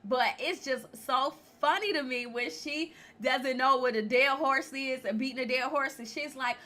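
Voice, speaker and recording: A woman's voice: high-pitched, moderate pace. A woman vlogging a casual, blunt, laughing recap of a reality show, speaking with features. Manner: chatty, animated, laughing often, blunt opinions. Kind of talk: casual chat.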